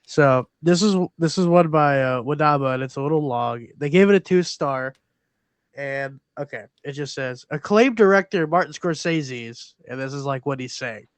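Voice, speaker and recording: A man's voice: medium pitch, normal speed, smooth, no room sound. A man co-hosting a film podcast, joking and teasing in casual chat over a remote call. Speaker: podcast co-host.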